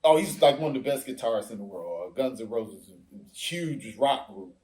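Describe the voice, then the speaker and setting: A man's voice: medium pitch, normal speed. A man in casual podcast talk, telling stories animatedly and acting out what others said. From Africa. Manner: animated storyteller, acts out quoted voices. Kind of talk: casual discussion.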